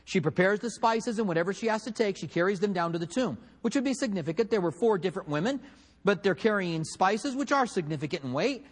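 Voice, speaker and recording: A man preaching a sermon, telling a story with acted-out quotes and swinging between loud and hushed delivery. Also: high-pitched, expressive, fast, big-room sound. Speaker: pastor.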